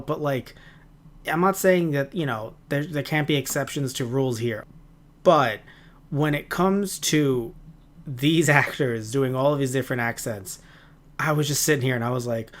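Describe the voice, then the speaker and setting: A man co-hosting a casual review podcast, talking in an animated, rambling way with quick asides. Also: fairly high pitch. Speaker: podcast co-host. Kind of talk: casual chat.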